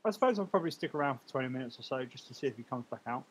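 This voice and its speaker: A man's voice: mid-range voice, animated, very fast, poor audio. A man playing a tabletop game, playful and hesitant, with faint hiss behind him. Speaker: player. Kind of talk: casual tabletop play.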